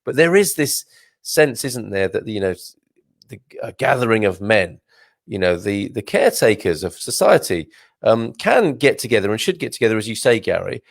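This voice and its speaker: A man's voice: lowish voice, big pitch swings, normal speed, creaky, no echo, studio quality. A man hosting a casual live stream, chatting in a rambling way, laughing often and restarting his sentences. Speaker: host reading viewer comments.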